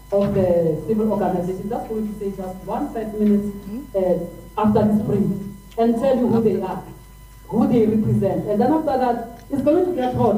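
A South African woman speaks with fervor at a crowded press briefing, circling back over her words as she presses her point. Her voice is dark and mellow. It carries through an echoey, hot room from some distance off the mic, with a faint hum underneath. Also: medium pitch. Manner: emphatic, repeats and restarts when worked up. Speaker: press conference speaker for civil organizations.

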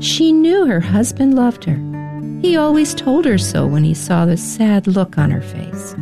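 A woman narrating a story in a gentle, scripted reading style. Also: medium pitch, animated, a little slow, vocal fry, over music.

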